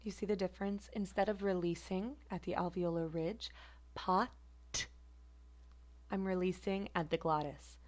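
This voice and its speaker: A woman teaching a phonetics class, speaking deliberately and repeating example words slowly to demonstrate them. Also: on the low side, steady tone, a little mellow. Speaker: phonetics instructor. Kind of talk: recorded lecture demonstration.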